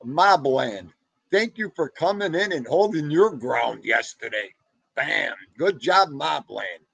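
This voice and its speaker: Gravelly North Jersey man on a livestream. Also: on the high side, slow, no echo. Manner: rambling, animated, Italian-American slang. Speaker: livestream host reading chat. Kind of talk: casual livestream chat.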